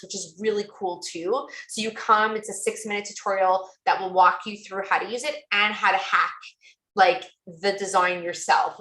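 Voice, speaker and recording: A woman's voice: mid-range voice, sharp tone, roomy sound, rough recording. A woman presenting a tool demo over a video call, chatty and gushing, with many fillers. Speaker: guest presenter.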